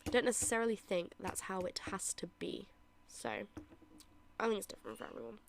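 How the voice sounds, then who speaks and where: A British streamer chats casually with her viewers and talks to chat while gaming, giggling often. Her medium-pitched voice moves a little fast, with slight background noise and clear background music.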